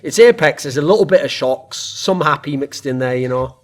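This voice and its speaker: A man co-hosting a podcast, giving animated, rambling esports analysis in casual chat. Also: a little high, brisk. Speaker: podcast co-host.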